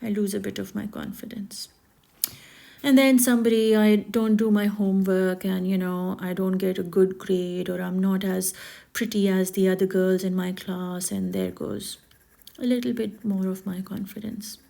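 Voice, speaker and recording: A woman talking reflectively and gently as she draws, sometimes dropping to a soft whisper. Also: mid-range voice, fairly even intonation, measured pace, gravelly. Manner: gentle, reflective, slips into soft whispers and quoted nagging voices. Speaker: art healer and spiritual speaker. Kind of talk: reflective spoken monologue while drawing.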